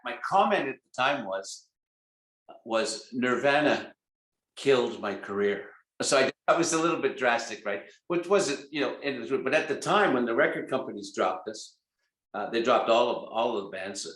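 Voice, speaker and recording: A man in his sixties tells backstage road stories with gusto. He is a rock singer and slips into the voices of the people he quotes. His voice is mid-pitched and carries a roomy echo. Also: moderate pace. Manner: animated anecdotes, acts out quoted voices. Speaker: rock singer, interview guest. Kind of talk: storytelling in a casual interview.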